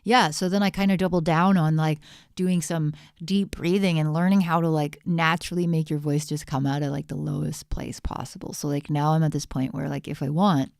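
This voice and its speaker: A woman's voice: deep voice, fairly even intonation, fairly quick, vocal fry, darkish tone, no room sound, clean studio sound. A woman co-hosting a livestream, giving casual, jokey feedback on music with lots of filler words. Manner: chatty and jokey, with many fillers.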